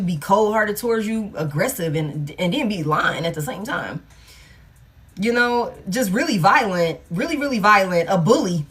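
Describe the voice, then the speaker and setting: Blunt, profane woman doing a tarot reading. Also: mid-range voice. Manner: casual, blunt and profane, thinking aloud. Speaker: tarot reader. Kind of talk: collective love tarot reading.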